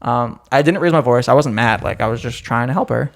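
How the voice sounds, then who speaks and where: Young male podcast co-host, chatty and meandering, ordinary mid pitch. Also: fairly quick, gravelly. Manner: rambling storytelling with frequent fillers. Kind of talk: casual chat.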